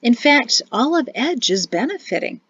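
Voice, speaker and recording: A woman's voice: on the high side, very animated, moderate pace, fairly bright tone, slightly rough, no echo, pitched above the performer's own voice, heavily acted. A woman reading an audiobook, voicing a brave mother who speaks firmly and takes charge. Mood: worried. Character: firm, brave mother and wife. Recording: dull, dry recording.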